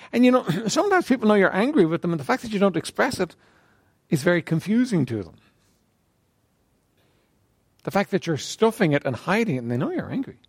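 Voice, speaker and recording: A man leading a church group in a conversational talk on faith, asking questions of the group and often clearing his throat. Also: sits high, no echo, studio quality.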